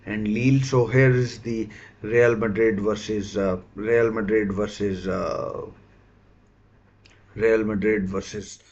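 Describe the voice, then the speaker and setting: Halting man hosting a football stream. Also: fairly low pitch, steady tone, a little mellow, muffled recording. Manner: halting, many fillers and self-corrections. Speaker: football watchalong host. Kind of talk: casual live-stream commentary.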